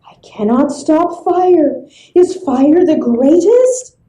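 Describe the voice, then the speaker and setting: Give me the Wind spirit from a storybook, voiced by a woman, high and breathy. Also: lively intonation, slow pace, warm tone, echoey room, low-quality recording. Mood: wondering. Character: whistling wind spirit, wondering. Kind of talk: storybook read-aloud for children.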